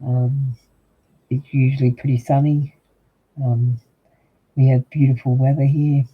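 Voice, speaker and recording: An older Australian man reads tarot on a livestream, rambling casually and speaking straight to the chat, with plenty of ums. His mid-range voice keeps a level tone and an unhurried pace. The audio sounds tinny, phone-like and husky.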